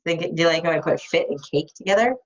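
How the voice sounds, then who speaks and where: Frank, enthusiastic woman coach, lowish voice. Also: fast. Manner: enthusiastic, frank, swears casually. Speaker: life coach. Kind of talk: live coaching call, answering a listener's question. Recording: dull lo-fi recording.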